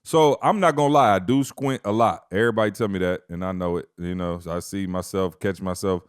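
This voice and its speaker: A man's voice: deep voice, brisk, clean tone, dry recording, clean studio sound. A man co-hosting a casual podcast chat, talking in a laid-back, slangy way. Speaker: podcast co-host.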